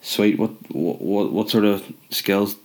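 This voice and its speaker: A man's voice: on the low side, takes it slowly, darkish tone. A man delivering a rambling comic rant, sweary and sardonic with mumbled asides. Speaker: comedic monologue host.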